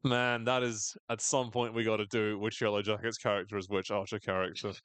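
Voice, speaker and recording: This podcast co-host recaps a show in casual conversation, cracking sardonic jokes and swearing freely. His voice is on the low side, level, clear and resonant with a fairly bright tone, and he talks a little fast. There's no echo on the recording.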